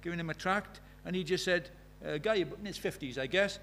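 Man preaching, fairly high voice, earnest, pressing questions, faint hum underneath. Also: fairly quick, a bit bright. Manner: earnest, questioning, retells conversations in quoted dialogue. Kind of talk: sermon.

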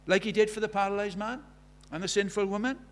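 A man's voice: sits high, steady tone, quick pace. A man preaching a sermon, asking rhetorical questions with emphasis.

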